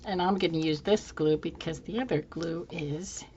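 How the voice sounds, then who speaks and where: A woman hosting a craft tutorial, musing softly to herself as she works, her voice a little hoarse. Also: deep voice, moderate pace, muffled recording, slight background noise. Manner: soft-spoken, musing aloud while working. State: slightly hoarse, losing her voice. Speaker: craft channel host. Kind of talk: casual craft tutorial chat.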